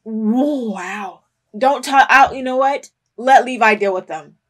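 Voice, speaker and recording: A woman hosting an anime reaction video, talking back at the screen and bursting into loud, emotional outbursts with cursing. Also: fairly high pitch, takes it slowly. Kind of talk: reaction commentary.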